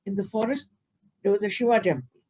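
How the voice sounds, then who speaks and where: A woman's voice: mid-range voice, fast talker, a little mellow, husky. A woman spiritual teacher giving a devotional discourse over a video call, telling stories with animation and chanting Sanskrit verses.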